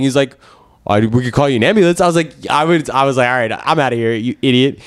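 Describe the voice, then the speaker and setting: A man's voice: mid-range voice, a little fast, dry recording, clean studio sound. A man co-hosting a casual podcast, telling stories and acting out both sides of conversations. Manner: animated storyteller, acts out both sides of conversations. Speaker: podcast co-host. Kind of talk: casual storytelling chat.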